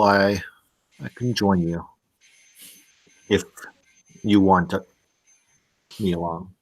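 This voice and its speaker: Earnest, hesitant low-voiced man. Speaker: player.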